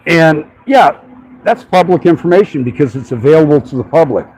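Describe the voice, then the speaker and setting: A man's voice: a little high, expressive, a little fast, darkish tone, poor audio. A man ranting on a casual livestream from a city sidewalk, irritated and swearing freely as he films. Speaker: street filmer livestreaming.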